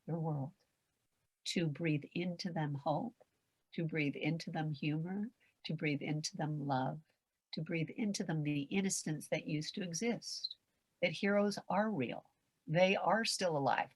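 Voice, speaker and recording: An older woman and veteran performer giving an animated motivational talk on a video call, swinging from loud calls to hushed asides. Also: low-pitched, measured pace, slightly rough, no echo. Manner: theatrical, acts out quoted voices, swings from loud to hushed. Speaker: guest performer and coach.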